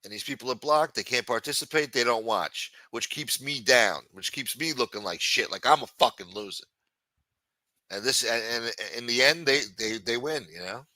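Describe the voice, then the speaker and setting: A man's voice: mid-range voice, moderate pace, sharp tone, no room sound. A man hosting a livestream, ranting with frequent swearing and exasperation. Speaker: livestream host.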